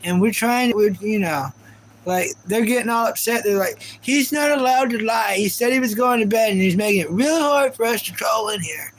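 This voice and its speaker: A complaining online troll whines in a high, nasal-sounding mockery, put on by a man. The voice climbs well above his speaker's usual register. It is an exaggerated, petulant imitation. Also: brisk, slight background noise, close to an everyday voice, rough recording. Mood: whiny. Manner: mocking whine, high-pitched. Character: whiny complaining male chat troll.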